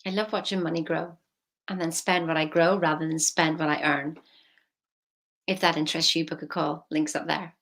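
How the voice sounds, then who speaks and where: A woman, a money mindset coach talking casually, emphatic and chatty with soft intimate asides. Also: low-pitched, little pitch movement, normal speed, gravelly. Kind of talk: casual motivational vlog.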